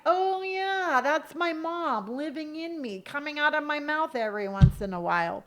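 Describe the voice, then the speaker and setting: A middle-aged woman hosting a live stream, telling personal stories in a casual, animated and profane way. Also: high voice, normal speed, hardly any pauses. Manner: animated, profane, emotional storytelling. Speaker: streamer host.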